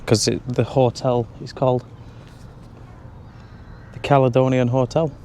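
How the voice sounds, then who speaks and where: A little hiss or hum sits under a travel vlogger's mid-range, slightly mellow voice, which stays flat and measured in pace. He chats casually on a handheld camera while reviewing pubs with dry jokes, moving between pubs and streets, in and out of doors.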